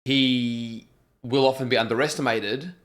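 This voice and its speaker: A man co-hosting a relaxed reaction video at an ordinary mid pitch. He rambles, restarts his sentences and swears freely as he talks through an episode. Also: a little slow. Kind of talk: casual chat reacting to a TV show.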